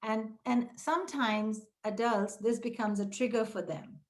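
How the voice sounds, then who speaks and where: Upbeat woman teaching a webinar. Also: unhurried. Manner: direct and encouraging, speaks to listeners as "you"; breaks into quoted dialogue with raised pitch. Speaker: childcare training presenter.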